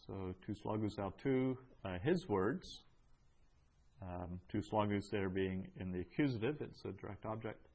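A man teaching a Greek class, going over answers in a slow, measured way with many ums and uhs. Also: lowish voice, lively intonation, a little mellow, lo-fi sound.

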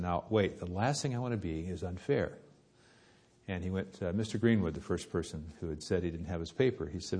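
A man preaching a sermon, telling a story with lively rises and hushed drops. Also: low-pitched.

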